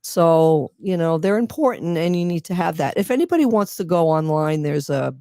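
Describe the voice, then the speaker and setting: A woman's voice: fairly low pitch, lively intonation, moderate pace, mellow, no room sound, clean studio sound. Scratchy-voiced woman telling a rambling story. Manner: rambling, storytelling with many fillers and restarts. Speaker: guest volunteer advocate. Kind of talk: casual radio interview.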